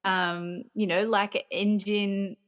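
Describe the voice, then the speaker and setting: A woman's voice: mid-range voice, flat delivery, slow pace. Eager woman guest, dull lo-fi sound. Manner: enthusiastic, trailing, fills with "you know". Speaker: podcast guest. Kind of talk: casual chat. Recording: slightly dull lo-fi audio.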